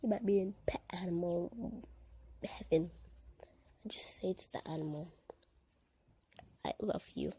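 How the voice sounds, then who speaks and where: A woman vlogger recording a soft, hushed and emotional voiceover. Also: on the low side, moderate pace, long pauses, breathy edge. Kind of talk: vlog voiceover.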